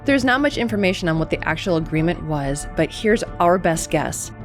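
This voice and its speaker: A woman narrating a true crime video in a measured, scripted way. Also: lowish voice, lively intonation, music in the background.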